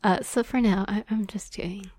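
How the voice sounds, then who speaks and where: In a soft, rambling whisper, a young woman with a medium-pitched voice discusses writing audio drama scripts at a moderate pace. It's whispered role-play talk, dotted with fillers and little laughs.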